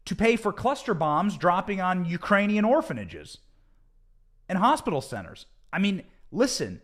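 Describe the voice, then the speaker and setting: Animated, sarcastic American man hosting. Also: a little high. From United States. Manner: emphatic, sarcastic, repeats points for effect. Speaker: host. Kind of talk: political commentary monologue.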